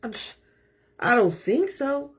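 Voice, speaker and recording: Husky, self-assured woman realtor. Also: fairly high pitch, slow pace. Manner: emphatic, self-assured, animated. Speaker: real estate agent. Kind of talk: casual live talk to viewers.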